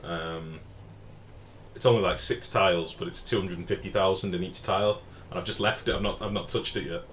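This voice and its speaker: Faint outdoor street sounds come through an open window as a man at home streams a game, talking casually with viewers and swearing now and then. He speaks briskly in a low, fairly bright voice with fairly even intonation.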